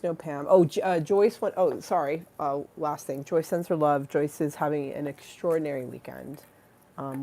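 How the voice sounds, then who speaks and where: A woman's voice: low-pitched, gravelly, darkish tone. A woman hosting a casual livestream, rambling and giggly as she reads out names from the chat. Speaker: livestream host.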